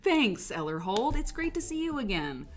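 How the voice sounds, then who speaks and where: A woman hosting a livestream rambles through casual chat, laughing as she talks and using "like" a lot as filler. Her voice is on the high side and very animated, at a moderate pace.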